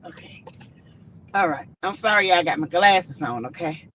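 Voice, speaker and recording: A woman's voice: on the low side, expressive, moderate pace, a bit bright, a little hiss or hum. A middle-aged woman, hosting a casual livestream and chatting while greeting her viewers by name. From South Carolina. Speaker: livestream host. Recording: dull lo-fi livestream audio.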